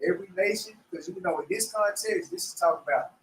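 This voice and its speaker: A man's voice: high voice, fast, fairly bright tone, poor audio. A man teaching a Bible class in a casual, slangy way, laughing often and calling everyone "man". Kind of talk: casual preaching breakdown.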